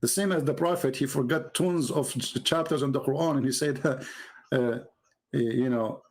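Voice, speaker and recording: A man giving mocking, sarcastic commentary as he reads from a website on screen. He swings from low mutters to sudden high exclamations. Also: moderate pace, low-quality recording. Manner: mocking and sarcastic, with exaggerated mock praise. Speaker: religious debater and commentator.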